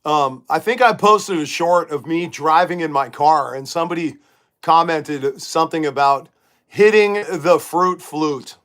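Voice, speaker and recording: A man's voice: fairly high pitch, measured pace, a bit bright. A middle-aged man hosting a casual livestream from his bedroom, talking emphatically and reading viewer comments aloud. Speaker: livestream host. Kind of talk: casual live-chat monologue.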